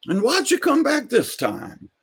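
A man doing a jubilant old elder, his voice jumping high and loud as he hollers hallelujahs. He preaches and praises with swooping, lively pitch and a husky edge. The figure stays exuberant from line to line. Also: measured pace, heavily acted. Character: older male churchgoer, ecstatic, praising God loudly.

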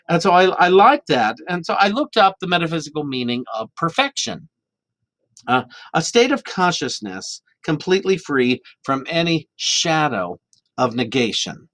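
A man giving a sermon in a church, animated and chatty, restarting often and slipping into playful quoted voices. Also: a little high, normal speed, no echo. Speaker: minister. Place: church sanctuary. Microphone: microphone.

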